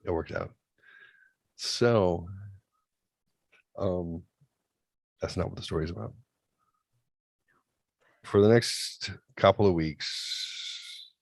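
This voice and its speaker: A man in his thirties telling a story in a casual, profane, animated way, swinging between loud outbursts and quiet asides. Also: low voice, no room sound. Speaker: podcast host.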